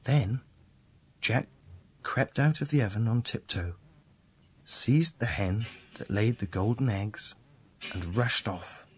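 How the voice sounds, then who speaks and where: A man reading a fairy tale aloud, slow and deliberate. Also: fairly low pitch, slight background noise. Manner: slow, deliberate, repetitive storytelling. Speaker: storyteller.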